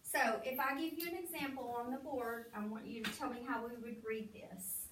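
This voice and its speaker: A woman's voice: fairly high pitch, moderate pace, fairly bright tone. A woman teacher running a reading lesson in a classroom, patiently prompting students to finish her sentences. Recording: echoey classroom, far from mic, faint noise.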